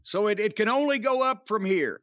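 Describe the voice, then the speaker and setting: Southern male podcast host, lively high voice, crude, wandering storyteller, dry muffled sound. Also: fairly quick, no room sound. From Southern United States. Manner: profane, sardonic, long-winded storytelling. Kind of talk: casual rambling chat.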